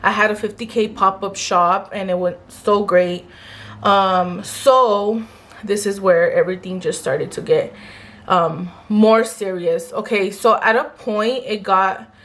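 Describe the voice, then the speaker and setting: Young woman, casual vlog storytelling, candid and chatty, frequent swearing, lots of fillers, mid pitch. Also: fairly bright tone. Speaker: small clothing brand owner.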